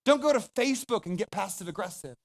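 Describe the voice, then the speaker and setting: A man's voice: sits high, expressive, fast talker, gravelly. A man pastor preaching a sermon, speaking emphatically and conversationally, addressing the congregation directly.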